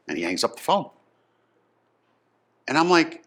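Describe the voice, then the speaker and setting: A man in his fifties telling a personal story from his youth, emphatic and swinging from subdued to excited. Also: on the high side, measured pace, long pauses. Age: 50s.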